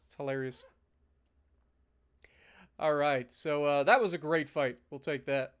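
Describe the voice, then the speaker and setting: A man giving casual, animated live commentary as he plays a strategy game, ranting now and then in mock outrage. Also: fairly high pitch, unhurried, clear, resonant tone. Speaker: gaming streamer.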